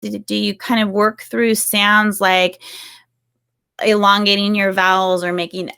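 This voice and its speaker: A woman author in casual conversation, curious and quick to laugh as she asks questions. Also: mid-range voice, level tone, vocal fry, clear, resonant tone. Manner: warm, curious, laughing often.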